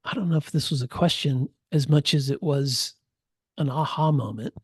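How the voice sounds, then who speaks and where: A middle-aged man from West Tennessee co-hosting a podcast, telling stories in a relaxed way with fillers. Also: a little high, moderate pace, breathy edge, no echo, studio quality. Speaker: podcast co-host. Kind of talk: casual podcast conversation.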